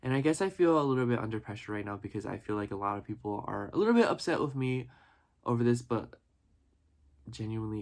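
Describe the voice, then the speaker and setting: A man's voice: lowish voice, a little mellow. A man vlogging casually about his life, earnest and rambling, full of "you know" and "like", getting emotional at times. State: emotional, near tears at times. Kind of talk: reflective casual vlog talk.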